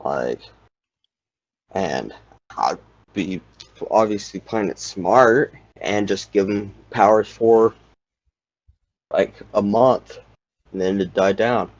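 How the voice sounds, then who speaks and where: A man's voice: fairly low pitch, slow, pauses often. A young man in casual chat, rambling and saying "like" constantly. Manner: rambling, heavy use of "like". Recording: dull lo-fi sound.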